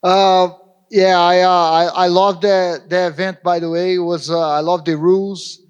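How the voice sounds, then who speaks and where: Smooth-voiced man, halting English. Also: high voice, flat delivery, lo-fi sound. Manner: halting, non-native grammar. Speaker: panelist, fighter. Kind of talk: casual panel answers.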